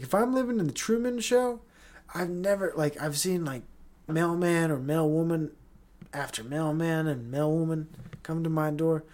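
A man's voice: fairly high pitch, darkish tone. A man hosting his own podcast, rambling in a casual solo rant with lots of swearing, restarts and incredulous questions. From Utah. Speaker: podcast host.

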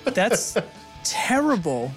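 A man's voice: sits high, big pitch swings, drawn-out words, faint music behind. A man hosting a casual podcast outro, rambling, stumbling over names and laughing at himself. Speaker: podcast host.

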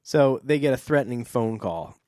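A man reading a book aloud for a comedic podcast, interrupting himself with playful, sarcastic remarks. His voice swoops through a wide, lively range. The recording is dry and close. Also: medium pitch, normal speed, no echo. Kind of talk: comedic read-along chat.

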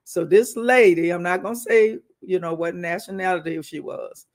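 A woman's voice: on the low side, normal speed, darkish tone. Woman, minister, teaching talk, chatty storytelling, calls out to the audience. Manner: conversational, tells personal stories, calls out to listeners. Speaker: minister teaching a weekly wisdom segment. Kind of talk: preaching-style teaching talk.

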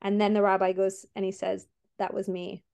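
A woman's voice: medium pitch, completely flat delivery, moderate pace, creaky, darkish tone. A young woman hosting a podcast, retelling a story in a rambling way with many fillers and restarts. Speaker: podcast host.

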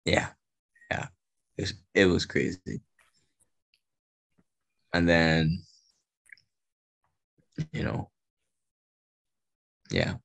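A man co-hosting a casual podcast chat, talking in a relaxed, rambling way full of fillers. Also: low-pitched, drawn-out words, creaky, pauses often, no room sound. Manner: relaxed, filler-heavy talk with laughs. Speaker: podcast co-host.

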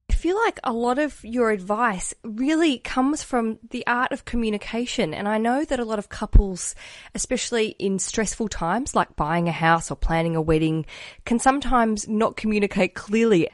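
A woman with an Australian accent hosting a casual interview, chatty and lively in her asides. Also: medium pitch, dry recording, clean studio sound. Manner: chatty, laughing asides, animated quotes. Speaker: podcast host.

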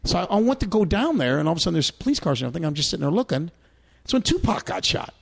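Gravelly middle-aged man, quick rambling profane anecdotes, podcast guest. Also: fairly high pitch, sing-song. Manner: rambling, profane, restarts often. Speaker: guest comedian. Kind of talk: casual storytelling.

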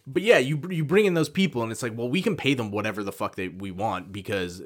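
A man co-hosting a podcast, making a point in casual chat, halting and restarting his phrases as he thinks. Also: medium pitch. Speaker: podcast co-host.

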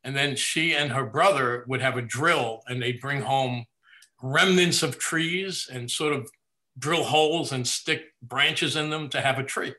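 An older man in an interview, recounting family memories in a lively storytelling way and laughing at his own anecdotes. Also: medium pitch, measured pace. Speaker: interview guest. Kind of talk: reminiscing in a conversational interview.

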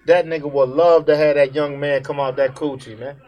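Podcast cohost guy, kinda high voice, keeps pushing the same question, teasing. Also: steady tone, a little fast, muffled recording. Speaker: podcast co-host. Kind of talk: casual podcast chat.

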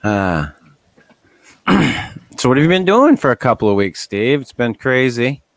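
A man's voice: medium pitch, very animated, measured pace, no room sound. A middle-aged man co-hosting a podcast in casual chat, swearing freely, rambling and laughing often. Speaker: podcast co-host.

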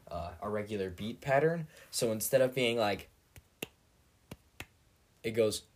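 A teenage boy podcast host goes on an animated, rambling solo rant, sarcastic and self-mocking with lots of fillers and restarts. His man's voice is on the low side and a little slow, captured on a distant mic with a little hiss or hum.

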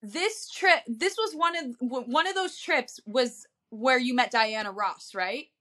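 A woman's voice: a little high, bright, forceful tone. A woman co-hosting a podcast, reacting eagerly and prompting the stories in casual chat. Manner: eager listener, quick reactive interjections. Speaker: podcast co-host.

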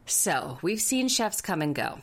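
A woman hosting a casual chat show, talking in a gossipy, animated way. Her voice sits low for a woman. She rattles off quick asides as she sets the stage. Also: slightly rough. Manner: chatty, gossipy, fast asides. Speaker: podcast host.

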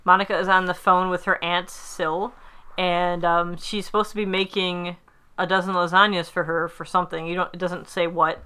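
A woman's voice: on the low side, flat delivery, normal speed, sharp tone, smooth. A woman recapping a sitcom episode in casual chat, rambling with fillers and acting out the characters' lines. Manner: chatty, rambling with many fillers, acts out quotes.

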